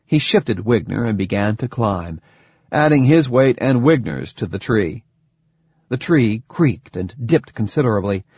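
A man narrating an audiobook in a measured storytelling manner. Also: mid-range voice, darkish tone, breathy edge, no echo. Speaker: audiobook reader. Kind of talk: scripted narration. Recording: dull dry lo-fi recording.

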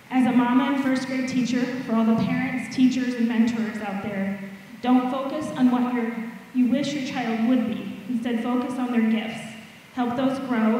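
A woman's voice: fairly high pitch, warm tone, a little hiss or hum. Woman, heartfelt graduation tribute, reading from notes, distant mic in a reverberant hall. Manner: heartfelt, apologetic asides, reads from notes. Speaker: mother giving a graduation tribute. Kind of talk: read speech at a ceremony. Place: large hall at a graduation event. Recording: echoey hall, heard from afar.

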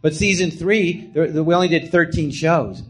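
A man's voice: a little high, moderate pace. Middle-aged man telling stories animatedly. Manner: animated storyteller, acts out quotes in a hushed voice. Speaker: comedian telling stories from his career. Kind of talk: casual storytelling chat. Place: small live podcast theatre.

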